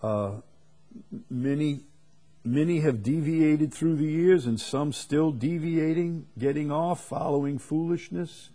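A man's voice: fairly high pitch, takes it slowly, mellow. A man preaching a sermon, stressing and repeating key words with rising emphasis.

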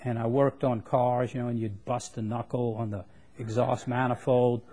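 A man preaching a sermon, plain-spoken and folksy, who reads scripture in quick bursts and raises his voice for emphasis. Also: mid-range voice, flat delivery, mellow.

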